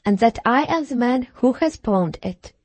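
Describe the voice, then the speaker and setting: A woman reading an audiobook, voicing a young gentleman who gently soothes and remonstrates. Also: on the high side, lively intonation, moderate pace, no room sound. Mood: soothing.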